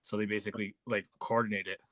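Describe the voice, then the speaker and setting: Flat-voiced, hesitant man. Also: fairly low pitch, fast, no echo. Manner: hesitant, with many fillers and restarts. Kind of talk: casual livestream talk.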